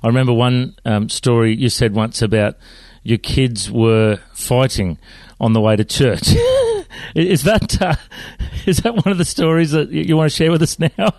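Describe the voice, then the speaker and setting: A man's voice: medium pitch, big pitch swings, normal speed, darkish tone, no room sound. A man with an Australian accent who asks a guest questions in an easygoing, chatty way. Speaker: interviewer. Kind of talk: casual interview chat.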